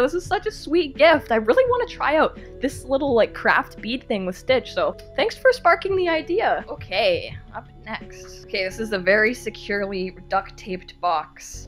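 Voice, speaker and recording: A woman hosting a casual unboxing vlog, gushing and squealing with delight over fan mail. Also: medium pitch.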